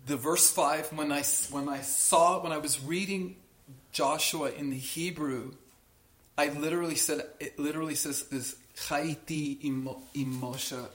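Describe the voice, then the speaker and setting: A man's voice: a little high, fairly even intonation, normal speed, a bit bright, echoey room. Earnest man teaching scripture to a group. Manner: earnest, emphatic, with frequent restarts and checks with listeners. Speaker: Bible teacher. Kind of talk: teaching a Bible study to a small group.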